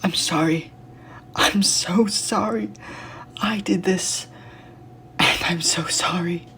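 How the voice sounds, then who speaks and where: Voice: mid-range voice, very slow, slight background noise, pitched above the performer's own voice. A storyteller voicing a grieving, haunted female knight who confesses before a crowd. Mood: grieving whisper.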